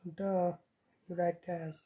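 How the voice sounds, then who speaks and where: A woman's voice: lowish voice, flat delivery, measured pace, warm tone, highs cut off. A woman from Himachal Pradesh casually teaching a handwriting script at home, counting the strokes aloud as she writes. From Himachal Pradesh, India. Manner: talks while writing, counting strokes aloud. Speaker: script tutor.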